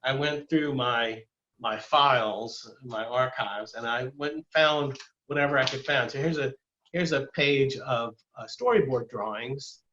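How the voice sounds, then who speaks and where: A man's voice: medium pitch, unhurried, sharp tone, highs cut off, slight background noise. An older man giving a casual illustrated talk as a guest speaker, rambling with many fillers and restarts. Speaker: guest speaker, former animator.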